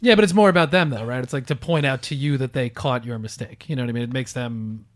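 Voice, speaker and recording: A man's voice: mid-range voice, fast. A man co-hosting a casual talk show, chatting conversationally with plenty of "you know" and "like". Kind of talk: casual chat.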